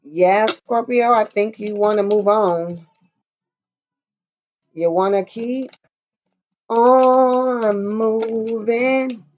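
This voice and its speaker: A woman's voice: medium pitch, slow, long pauses, darkish tone, muffled recording. A woman giving a casual, blunt tarot reading, chatty and profane, talking straight to her viewers. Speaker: tarot reader.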